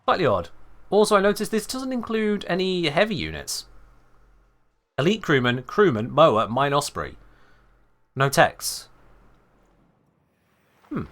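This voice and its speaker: A British man talking through a game on a live stream, chatty and animated. His pitch moves a lot, and his tone is bright and forceful. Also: unhurried, pauses often. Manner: chatty, animated, self-correcting. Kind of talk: casual live-stream commentary.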